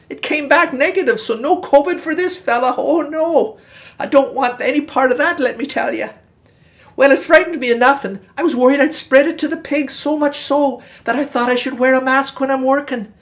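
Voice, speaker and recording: A chirpy male farmhand with a lilting Irish accent rambles through a folksy comic tale, as a man puts him on. The voice sits high and bright for a grown fellow, all good-natured storytelling. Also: moderate pace. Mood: cheerful. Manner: folksy, rambling yarn-spinner.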